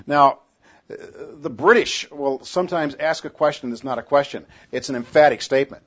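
A man's voice: on the high side, moderate pace. A man teaching a Bible passage in a conversational sermon, often restarting and correcting himself. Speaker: pastor. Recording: dull lo-fi sound.

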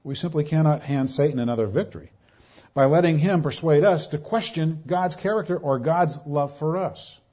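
Emphatic preacher man, husky and warm. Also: on the high side, moderate pace. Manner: emphatic, repeats key phrases. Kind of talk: expository sermon. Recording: dull lo-fi sound.

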